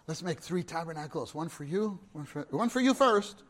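A man voicing an awed apostle who blurts out eager plans, in his own slightly high voice. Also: lively intonation, moderate pace, fairly bright tone.

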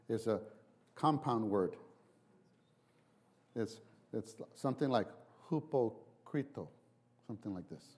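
A man delivering a sermon in an ordinary mid-range voice. He restarts and repeats words as he thinks aloud. Now and then he throws his voice high and loud to act out a quote. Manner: animated, acts out quotes with big voice jumps. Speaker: preacher.

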